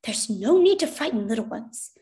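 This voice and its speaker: A protective mother speaks in a hushed, pleading voice, read out by a woman with a fairly high voice. She keeps her words calm and quiet. This is a storybook read-aloud. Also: normal speed.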